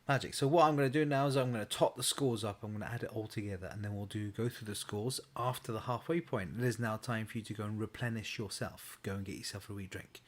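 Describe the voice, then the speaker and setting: A man hosting an online pub quiz in a chatty, upbeat way. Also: on the low side. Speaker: quiz host.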